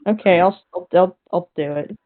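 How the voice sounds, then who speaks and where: A woman playing a tabletop game, talking hesitantly and restarting her sentences. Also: lowish voice. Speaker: player. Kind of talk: casual tabletop play. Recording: tinny online call audio.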